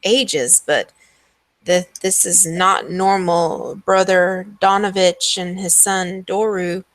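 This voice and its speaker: A woman's voice: on the low side, steady tone, slow, dry recording. A woman voicing a worried young nobleman who stammers anxiously.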